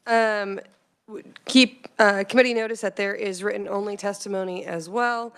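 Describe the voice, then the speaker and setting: A woman chairing a legislative hearing, making brisk procedural announcements. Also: mid-range voice, steady tone, clean tone. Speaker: committee chair. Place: legislative committee room.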